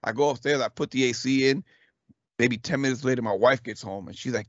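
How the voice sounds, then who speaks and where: A man in his thirties telling a story in casual chat. He is animated, swears freely, laughs often and acts out what people said. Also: medium pitch, fairly quick, no echo. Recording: dull, dry lo-fi recording.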